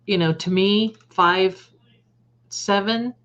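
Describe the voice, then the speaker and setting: A woman hosting a psychic livestream, chatting with viewers, trailing off and restarting, and slowly reading out lists of words. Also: medium pitch, fairly bright tone, dull audio. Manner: reads out word lists slowly.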